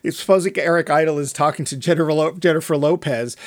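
A chatty man with a slightly high voice talks casually about a film, relaxed and conversational. He retells scenes with quick quoted asides. The sound is dry and close, with no room around it. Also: no room sound. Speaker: podcast co-host.

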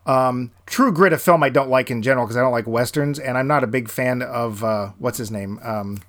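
A man from New England in a casual film chat, animated and often restarting as he searches for names. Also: mid-range voice, brisk.

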